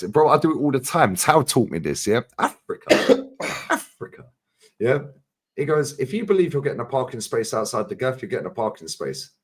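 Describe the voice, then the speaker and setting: A man in casual chat, animated, swearing and saying "bro" and "yeah" often. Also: mid-range voice, husky.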